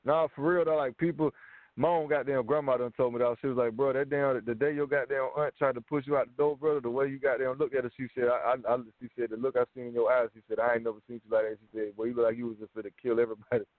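Fast-talking brash man, phone line. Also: mid-range voice, steady tone, dry recording. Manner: brash, profane slang talk. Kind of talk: casual radio talk.

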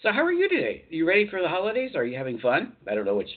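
Husky man hosting a call-in show. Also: high-pitched, wildly swooping pitch, very fast. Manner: rambling, chatty, laughs easily. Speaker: radio show host and channeler. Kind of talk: call-in radio chat. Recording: tinny phone-line sound.

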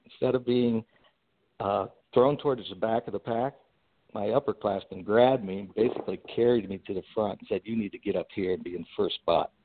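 Animated male storyteller on a phone-like line. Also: lowish voice. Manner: animated storyteller with fillers and restarts. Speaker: guest entrepreneur. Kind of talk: storytelling in a podcast interview.

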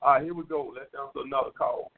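A man with a medium-pitched, fairly even voice talks fast as he hosts a call-in dating advice show. He lectures bluntly, repeating himself and swearing a lot. The sound is lo-fi and phone-like, as on radio.

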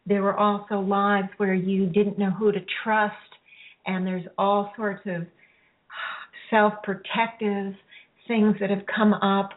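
A woman hosting a radio-style healing show, guiding listeners through a release in a slow, soothing, halting way. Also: medium pitch, little pitch movement. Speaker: spiritual healer hosting a show. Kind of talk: guided healing session. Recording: phone-like narrow sound.

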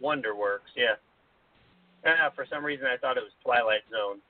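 A man's voice: medium pitch, moderate pace, no room sound. Man on a tinny phone-like line. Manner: laughs often, hesitant restarts. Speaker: podcast co-host. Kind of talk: casual chat. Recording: tinny phone-like dry sound.

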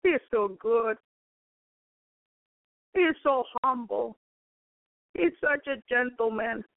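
A woman's voice: fairly high pitch, takes it slowly, vocal fry, dry recording. A woman preacher giving a fervent spoken testimony, repeatedly breaking into praise. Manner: fervent, peppered with praise exclamations. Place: home in Chicago. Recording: dry, phone-like narrow sound.

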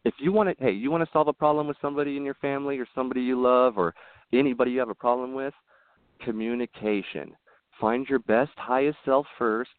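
A man's voice: medium pitch, fairly even intonation, fast, no echo. A man talking as a podcast guest, telling personal stories in a rambling, earnest way with frequent restarts. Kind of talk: casual interview storytelling. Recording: tinny phone-like line, dry.

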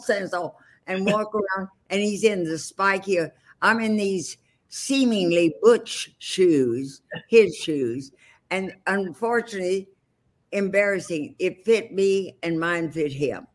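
A woman's voice: mid-range voice, slow pace. An older woman, a veteran of the stage, spins bawdy anecdotes over a video call from her home. Her delivery is wisecracking and rambling, full of fillers and asides. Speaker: guest, veteran stage actress. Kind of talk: casual storytelling on a video call.

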